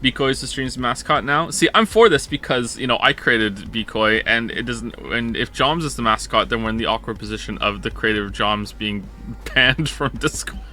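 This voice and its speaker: A man's voice: mid-range voice, moderate pace, pushed and bright. A man chatting casually on a stream, rambling and joking and correcting himself mid-sentence. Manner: rambling, self-correcting, jokey.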